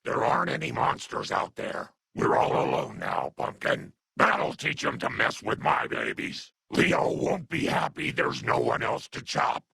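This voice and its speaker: A man voicing a kindly, muddled old grandmother super mutant in a game dub, raspy and doting, who calls everyone dearie. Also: mid-range voice, huge pitch swings, a little slow, hardly any pauses, sharp tone, no room sound, clean studio sound, exaggerated voice. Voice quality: gravelly, raspy.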